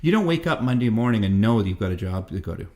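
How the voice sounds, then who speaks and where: A man's voice: fairly low pitch, sing-song, fast talker, a little mellow. A man in his fifties, a guest musician in a casual interview, telling rambling stories and swearing freely. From Canada. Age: 50s. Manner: profane, rambling storyteller.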